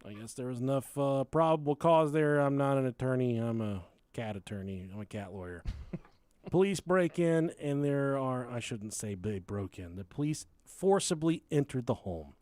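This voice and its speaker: Lively joking man, dry close sound. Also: mid-range voice, moderate pace, no room sound. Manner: joking, swears, quotes people in silly voices. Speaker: podcast host. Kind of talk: casual true crime chat.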